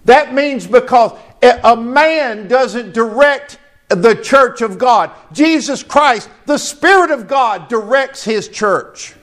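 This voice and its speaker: A man preaching a sermon as pastor, slow and emphatic, asking the congregation questions. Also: very high-pitched, animated, a bit bright.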